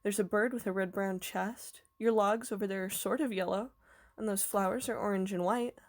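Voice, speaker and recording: A woman reading aloud voices a shy, eager young girl with a soft, earnest way of talking. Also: mid-range voice, fairly even intonation, normal speed, natural voice.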